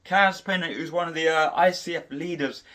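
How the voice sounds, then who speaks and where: A man's voice: on the high side, moderate pace, pushed and bright. A middle-aged man giving an impassioned preaching monologue, repeating and restarting his phrases for emphasis. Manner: repetitive, emphatic, with frequent restarts. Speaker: Christian preacher.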